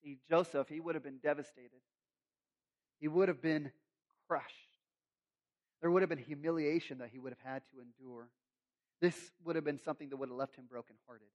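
High-voiced pastor telling a story. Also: male voice, fairly even intonation, moderate pace, pauses often, a little mellow, muffled recording. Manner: conversational, storytelling, humorous asides. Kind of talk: sermon.

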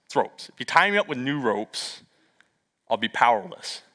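Brief: man playing an evasive strongman, low mumbly delivery, bright tone. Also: very animated, normal speed, big-room sound.

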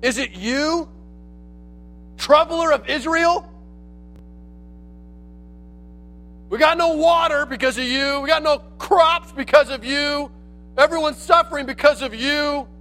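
A man's voice: very high voice, a little slow, voice pushed up, exaggerated voice, low-quality recording. A man doing an indignant king hurling blame. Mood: accusing. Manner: loud, indignant, blaming. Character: angry accusing ancient king, man, middle-aged.

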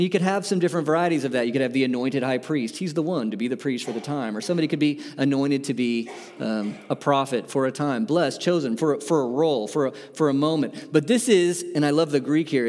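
Man preaching with big swings in a hall. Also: on the high side. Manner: dynamic preaching, swinging from loud to soft whispers. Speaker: pastor. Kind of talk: sermon.

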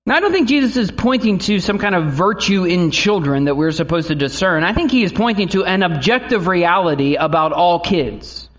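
High-voiced pastor preaching conversationally. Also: male voice, lively intonation, fairly quick, hardly any pauses, a bit bright. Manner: conversational, acts out quotes and anecdotes. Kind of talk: sermon.

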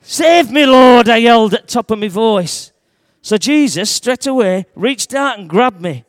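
A man tells a Bible story in the first person, in thick dialect, throwing in shouts at the big moments. His voice sits fairly high for a man, and the sound is close and dry. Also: measured pace, no room sound. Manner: broad dialect, lively, shouts at dramatic moments. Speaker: church storyteller.

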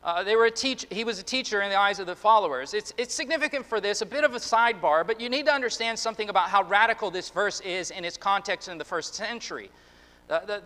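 A man preaching a sermon as pastor, earnest and halting, often restarting his words. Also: sits high, pushed and bright. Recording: long reverb of a hall.

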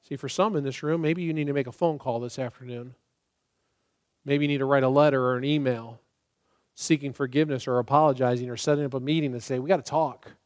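A middle-aged male pastor preaching a sermon in a church, emphatic and swinging from loud to soft and prayerful. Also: medium pitch, steady tone, fast talker. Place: church sanctuary.

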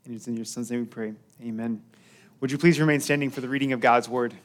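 A man's voice: mid-range voice, steady tone, quick pace. A man who is a pastor, giving a casual sermon to his congregation, rambling with many fillers and restarts as he tells stories.

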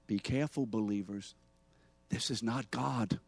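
A man's voice: fairly low pitch, lively intonation, slow, long pauses, a little mellow, breathy edge, dry recording. A man preaching a sermon, teaching and calling on members of the congregation by name to answer his questions. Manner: teaching preacher who quizzes listeners by name. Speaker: pastor.

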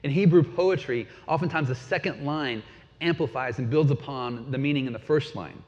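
A man's voice: medium pitch, moderate pace, a little mellow. A man preaching a sermon in a conversational way, often asking his listeners questions. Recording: dull sound with long hall reverb.

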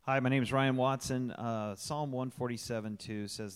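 A man giving a church testimony, deliberately stressing key words of scripture. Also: mid-range voice, clean tone. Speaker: church member giving thanks. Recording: long church hall reverb.

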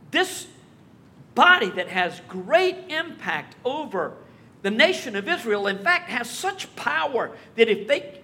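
A man preaching a verse-by-verse sermon, conversational and lively with wry asides. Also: high voice, a little hiss or hum. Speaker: pastor. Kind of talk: expository sermon.

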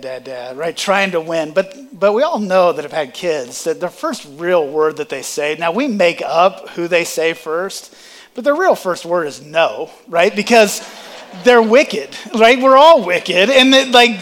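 A man's voice: high voice, a bit bright. A man preaching a sermon, calling out to his congregation with rising emphasis. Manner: preaching with rising emphasis and audience call-and-response.

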